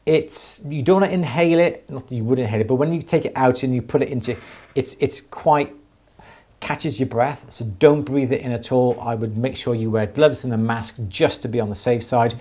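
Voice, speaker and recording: A man's voice: mid-range voice, a little fast, darkish tone. A man hosting a live jewellery Q&A, explaining techniques enthusiastically and with many restarts. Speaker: jewellery teacher, show host. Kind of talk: live Q&A stream.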